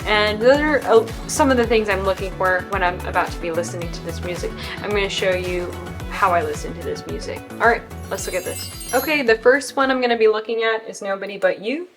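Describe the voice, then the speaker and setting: A woman piano teacher talking through what she listens for in a performance, in an analytical, explanatory manner. Her voice sits at an ordinary middle pitch. Faint piano music plays behind her. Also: brisk. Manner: analytical, hums and scats musical phrases.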